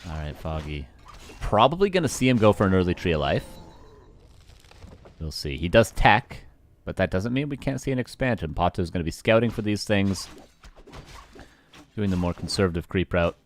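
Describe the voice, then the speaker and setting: Joking Canadian caster with a lowish voice. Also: male voice, expressive, moderate pace, pauses often, slight background noise. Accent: West Coast Canadian. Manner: joking, laughs often, answers chat questions. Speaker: esports caster. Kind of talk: live game commentary with chat banter.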